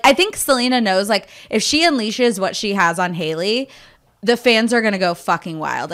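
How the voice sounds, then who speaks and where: A woman's voice: mid-range voice, fairly bright tone. A young woman co-hosting a podcast, chatting casually and animatedly, swearing freely and acting out what others might say. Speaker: podcast co-host. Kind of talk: casual chat.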